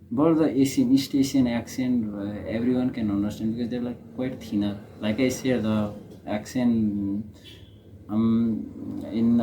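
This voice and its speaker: Man, Nepali accent, slow halting delivery, lowish voice, casual reaction commentary. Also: mellow, a little hiss or hum, poor audio. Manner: hesitant, many fillers and restarts. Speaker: reaction video host.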